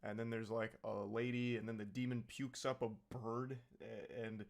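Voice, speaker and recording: A man's voice: medium pitch, flat delivery, normal speed, creaky. A man giving a casual, comedic movie recap, rambling and sarcastic, with plenty of swearing.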